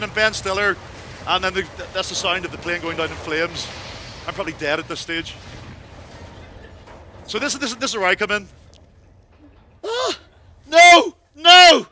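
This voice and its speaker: A man from Northern Ireland performing a one-man stage monologue, telling a wry comic story that builds into panicked shouts. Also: high voice, fairly quick, noisy background. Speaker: solo theatre performer. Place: theatre stage.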